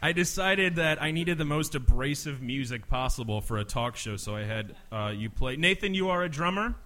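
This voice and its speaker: A man's voice: fairly high pitch, lively intonation, moderate pace, fairly bright tone. Dry teasing male interviewer. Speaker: talk show host interviewing.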